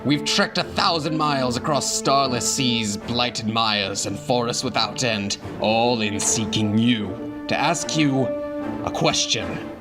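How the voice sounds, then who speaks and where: An actor playing a weary traveler who solemnly confronts a monster after a long journey. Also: male voice, mid-range voice, music in the background, close to an everyday voice. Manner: slow, solemn, dramatic.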